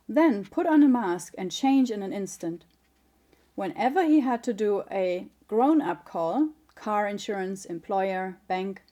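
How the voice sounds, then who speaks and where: Author-narrator, middle-aged woman, mellow and slightly high, calm measured audiobook read. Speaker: author reading her memoir.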